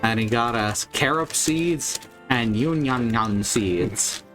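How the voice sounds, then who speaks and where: A man's voice: medium pitch, takes it slowly, music in the background. A man streaming a video game, chatting casually with a rambling, wry manner and casual swearing. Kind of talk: casual gameplay chat.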